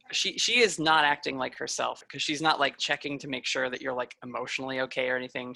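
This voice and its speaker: A woman's voice: rumbling low, vocal fry, bright, forceful tone. A woman running a tabletop role-playing podcast as game master, narrating in a chatty way with many fillers.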